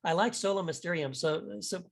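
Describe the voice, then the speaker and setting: A man's voice: sits high, moderate pace, gravelly. Male author guest, casual and candid, rambling delivery, easy laughter. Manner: candid, rambling, self-deprecating, laughs easily. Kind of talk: casual interview conversation.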